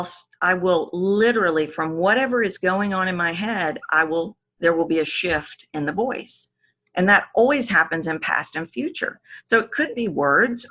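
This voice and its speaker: A woman vocal coach speaking as a podcast guest, animated, sometimes shifting her voice to demonstrate. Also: on the low side. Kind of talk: podcast interview.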